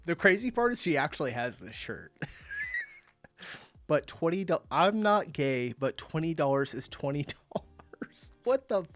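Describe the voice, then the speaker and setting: A man's voice: a little high, big pitch swings, measured pace, a bit bright. A young man casually reacting to clips as host, chatty and often laughing.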